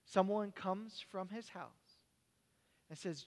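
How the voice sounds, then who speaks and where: Male pastor, sermon, high voice, animated storytelling, long hall reverb. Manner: animated storytelling, dropping to quiet, halting personal reflection.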